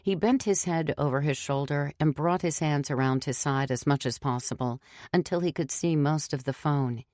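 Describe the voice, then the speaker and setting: A woman narrating a horror audiobook in a steady, measured reading. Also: low voice, no echo, studio quality.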